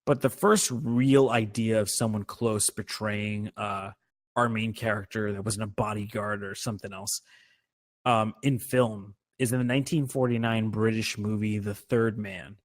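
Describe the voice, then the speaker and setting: Laid-back profane podcast co-host. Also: male voice, lowish voice, steady tone, moderate pace. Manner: loose, profane, laughs easily. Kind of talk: casual movie chat.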